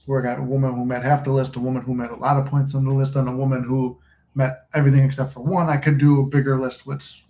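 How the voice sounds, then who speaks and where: A man's voice: mid-range voice, flat delivery, quick pace, warm tone. Rambling man in an echoey room. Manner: rambling, loose and profane. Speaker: manifesting channel host. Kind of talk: casual livestream chat. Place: room at home, smoking a cigar. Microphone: phone recording.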